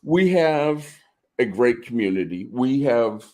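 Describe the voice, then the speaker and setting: A man's voice: mid-range voice, lively intonation, takes it slowly, a little mellow. A man co-hosting a casual podcast, chatty and agreeable, often repeating himself. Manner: chatty, frequent yeahs and repeats. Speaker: podcast co-host.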